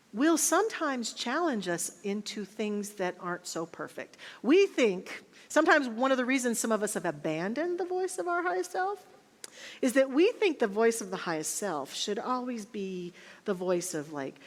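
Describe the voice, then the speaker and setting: Lively woman minister in a reverberant church. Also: mid-range voice. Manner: storytelling, animated and self-mocking. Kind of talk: sermon. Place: church sanctuary. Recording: long hall reverb.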